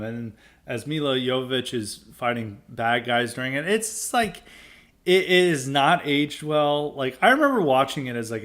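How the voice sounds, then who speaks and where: A man's voice: mid-range voice, fairly bright tone. A man hosting a podcast, giving a blunt, opinionated monologue that rambles with many restarts and filler words. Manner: dismissive and blunt. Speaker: podcast host.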